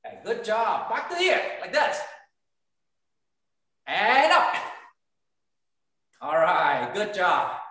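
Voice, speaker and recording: A man's voice: high voice, wildly swooping pitch, takes it slowly, pauses often, pushed and bright. A man teaching an online kids' kung fu class, giving short drill commands and counting reps aloud in a training studio. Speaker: martial arts instructor. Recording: very echoey room, voice far from mic.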